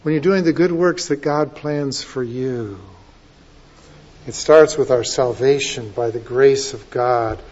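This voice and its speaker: A man preaching a sermon, dropping to soft asides and rising to loud, drawn-out emphatic lines. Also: fairly high pitch. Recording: dull lo-fi sermon recording.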